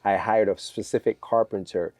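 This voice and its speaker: A man telling lively stories as a guest in a podcast interview, acting out what others said. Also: on the low side, normal speed, dry recording. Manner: energetic, animated storyteller acting out quotes. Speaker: guest, fitness trainer.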